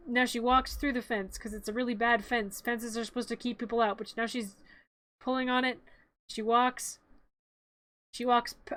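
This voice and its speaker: A woman streamer casually narrating along with a film, rambling with playful, deadpan jokes. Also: on the high side, dry recording. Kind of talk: casual live-stream commentary.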